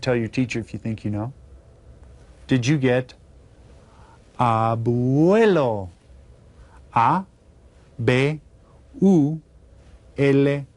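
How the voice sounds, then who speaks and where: A man talks slowly and patiently to children, as if to a class, spelling out words one letter at a time. His voice sits at an everyday middle pitch, unhurried and encouraging. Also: a little mellow. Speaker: Spanish teacher. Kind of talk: video lesson for children.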